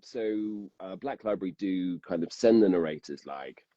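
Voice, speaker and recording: A man's voice: sits low, lively intonation, normal speed, mellow, no echo, highs cut off. A man who narrates audiobooks, a guest chatting casually and self-deprecatingly with plenty of fillers over a call. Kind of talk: casual interview chat.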